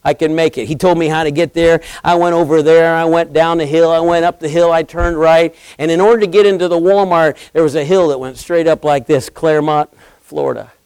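A middle-aged male preacher telling a folksy story in a sermon, animated and repetitive. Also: on the high side, fairly quick, clear, resonant tone, no echo, poor audio.

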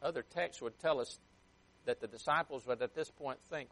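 A man preaching a sermon with emphatic swings in loudness and pace, sometimes acting out a parent scolding a child. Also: medium pitch, moderate pace. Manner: emphatic, rising and dropping sharply for effect.

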